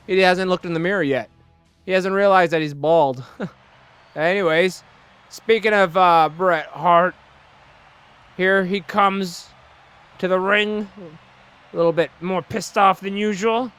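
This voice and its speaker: A man's voice: high voice, fairly even intonation, unhurried, long pauses, fairly bright tone, smooth. A young man hosting a wrestling video game series, giving rambling, jokey play-by-play commentary. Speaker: let's play host.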